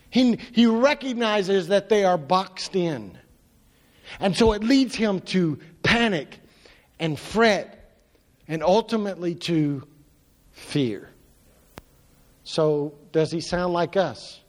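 A man preaching a sermon as pastor, emphatic, stacking repeated rhetorical questions and swinging between loud and hushed delivery. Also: sits high, measured pace, long reverb tail.

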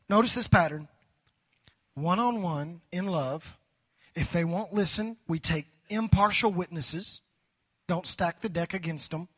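A man's voice: sits high, takes it slowly, long pauses, a bit bright, breathy edge. A man preaching a sermon to a large congregation, prompting the crowd to respond, his voice tiring from preaching. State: voice tiring, near hoarse. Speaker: pastor. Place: church sanctuary before a large crowd.

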